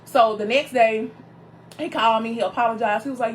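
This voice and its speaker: A woman minister hosting her show, telling a personal story in a casual, animated way, calling her viewers y'all and greeting them by name as they join. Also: on the high side, fairly quick, slight background noise.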